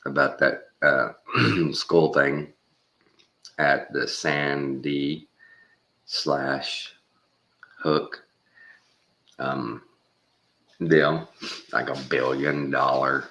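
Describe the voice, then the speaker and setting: A man's voice: a bass voice, little pitch movement, drawn-out words, long pauses, bright, forceful tone. A man from Texas giving a rambling, sarcastic commentary from home, scornful of the people he talks about. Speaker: channel host. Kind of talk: casual commentary vlog.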